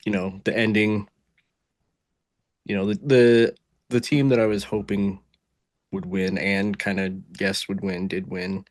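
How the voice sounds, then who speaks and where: A man with a lowish voice talks with easy enthusiasm and drops the odd curse word. The sound is dry and close, with little room around it. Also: flat delivery, unhurried, pauses often, no room sound. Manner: enthusiastic, swears casually. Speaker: podcast co-host. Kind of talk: casual wrestling review chat.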